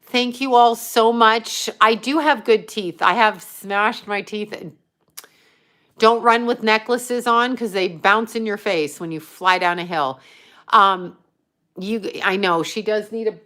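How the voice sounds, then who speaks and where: A woman's voice: medium pitch, takes it slowly, bright, forceful tone. A woman hosting a casual livestream, rambling and trailing off as she chats with viewers. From United States. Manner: rambling, trailing off, chatting to viewers and her cat. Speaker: psychic livestream host.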